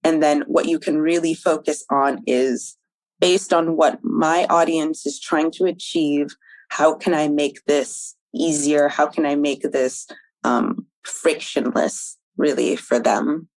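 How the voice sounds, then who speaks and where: A woman guest on a podcast interview, answering in a thoughtful, measured way with frequent ums. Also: low voice, fairly even intonation, a little mellow, dry recording, poor audio. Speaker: podcast guest, documentation manager.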